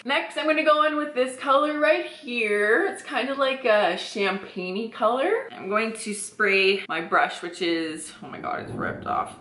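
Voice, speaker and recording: A woman's voice: fairly high pitch, a little slow, hardly any pauses, sharp tone, roomy sound, slight background noise. A woman chatting casually through a makeup tutorial at home, rambling with asides and laughing often. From Canada. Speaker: beauty vlogger. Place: home, indoors. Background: thunderstorm outside.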